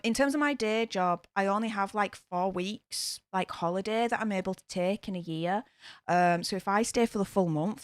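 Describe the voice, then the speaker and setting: A woman's voice: mid-range voice, no echo, studio quality. A young adult woman with a Yorkshire accent, chatting blunt and casual on a livestream, reading out fan messages and swearing freely. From Yorkshire, England. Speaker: YouTube livestream host. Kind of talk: casual livestream chat reading super chats.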